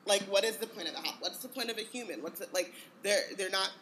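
Bright, rambling male podcast co-host. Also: high voice, fast talker, slight background noise. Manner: rambling, hesitant, many filler words. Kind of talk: casual chat.

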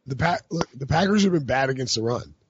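Gruff man, lively sports chatter. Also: fast, no echo, dull audio. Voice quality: low, gruff voice. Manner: laughing, joking. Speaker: podcast host. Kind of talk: casual sports chat.

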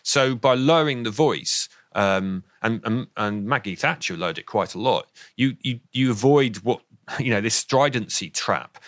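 A man's voice: mid-range voice, expressive, normal speed, a bit bright, dry recording, clean studio sound. A man with a southern English accent, a guest on a radio interview, explaining things eagerly and often repeating the first words of a sentence. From southern England. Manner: enthusiastic, explanatory, repeats words when starting sentences, laughs now and then. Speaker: expert guest on voice and speech. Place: radio studio.

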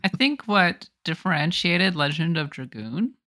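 A podcast co-host in a casual chat, giving wry, measured opinions. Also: mid-range voice, expressive, pushed and bright.

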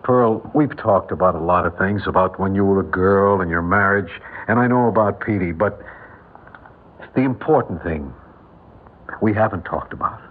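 A deep male voice at a moderate pace belongs to an actor in his forties. He plays a shy, warm-hearted bachelor who owns a filling station, talking hesitantly and stammering in a 1950s radio drama, recorded as a tinny old broadcast.

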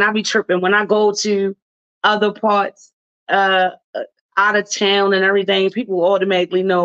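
A woman's voice: medium pitch, fairly even intonation, fairly quick, a bit bright, lo-fi sound. A woman from Baltimore with a Baltimore accent, hosting talk radio in a loose, chatty way that is full of slang. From Baltimore, Maryland, USA. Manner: chatty, laughs often, loose slangy phrasing. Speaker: radio host. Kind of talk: casual talk radio commentary.

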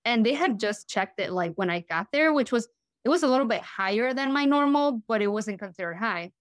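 A woman's voice: a little high, lively intonation, brisk, no echo. A young woman, a podcast guest, telling her story in a casual, chatty way, full of "you know" and "like".

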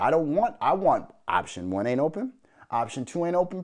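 A man from Minnesota hosting a podcast, ranting angrily with constant swearing and mocking asides. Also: medium pitch. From Minnesota, USA. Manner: loud, angry, swearing, mocking quoted voices. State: angry. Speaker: podcast host. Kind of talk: profane solo podcast rant.

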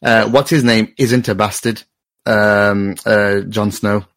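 A man's voice: fairly low pitch, fairly even intonation, takes it slowly, fairly bright tone. A man co-hosting a football call-in show, hesitating with many fillers and trading dry banter. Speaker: co-host and producer. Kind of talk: casual football chat.

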